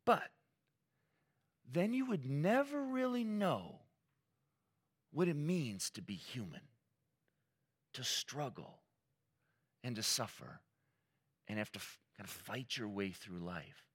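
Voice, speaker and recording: A man's voice: mid-range voice, very animated, slow pace, pauses often, slightly rough, pitched above the performer's own voice, heavily acted. A man voicing God from a children's lesson, speaking in a casual, offhand way. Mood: breezy.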